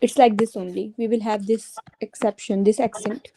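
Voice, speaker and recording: A woman's voice: mid-range voice, fairly even intonation, moderate pace, gravelly, noisy background. A woman teaching a French grammar lesson to a student, patiently repeating each conjugation aloud.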